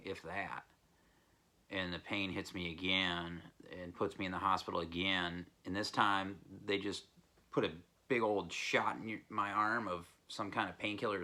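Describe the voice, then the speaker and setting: A man's voice: deep voice, sharp tone. A man in a casual vlog, telling a blunt, profane story while recovering from an illness. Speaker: record collecting vlogger.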